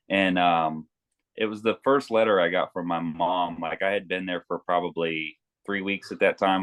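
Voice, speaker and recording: A man with a low voice tells stories from his military days in a loose, animated way. He swears freely and acts out the shouting he heard. The sound is dry and close. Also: dry recording. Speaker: guest, Navy veteran. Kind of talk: casual interview storytelling.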